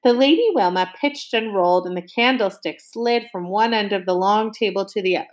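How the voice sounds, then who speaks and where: A woman's voice: medium pitch, brisk. A woman reading a novel aloud to young listeners, stopping now and then to ask them questions. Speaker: reader.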